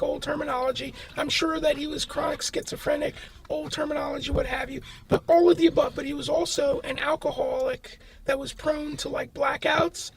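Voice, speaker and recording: A man's voice: very high voice, gravelly, noisy background. A man telling a creepy family story in a casual, rambling podcast chat, with some swearing. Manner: rambling, swearing, acts out quoted voices.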